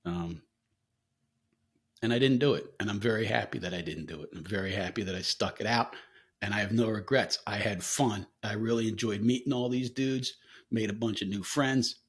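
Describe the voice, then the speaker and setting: A man's voice: lowish voice, moderate pace. A man hosting a casual solo podcast, talking candidly and rambling with frequent fillers and swearing, coughing now and then. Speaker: podcast host.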